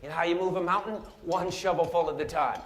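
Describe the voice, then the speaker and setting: A man giving a storytelling speech, animated and humorous, with asides to the audience. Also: sits high, quick pace, a little hiss or hum. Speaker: motivational speaker. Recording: roomy hall with music behind.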